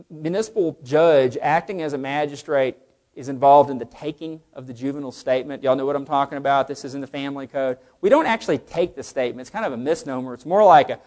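A man teaching a class on legal cases, often putting questions to the room and answering them himself. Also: mid-range voice. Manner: animated, asks the class questions. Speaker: legal instructor. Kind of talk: lecture to a class.

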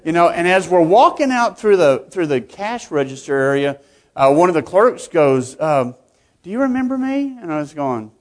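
A man's voice: fairly high pitch, lively intonation, normal speed. A middle-aged man, a municipal judge, giving a conversational conference speech to fellow judges, often repeating and restarting words. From Texas.

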